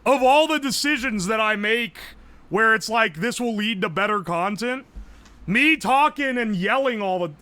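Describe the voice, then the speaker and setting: A man streaming live, chatting casually, loud and profane, yelling nearly every phrase. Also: sits high, animated, moderate pace, clear, resonant tone, no room sound. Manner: brash and profane. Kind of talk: casual livestream chat.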